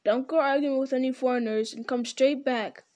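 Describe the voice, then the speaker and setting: A fussing farmer's wife, as a woman reads her aloud, calling out scolding warnings across the yard. The voice is lightly high and close to the reader's own. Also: fairly even intonation, moderate pace, a little mellow, natural voice.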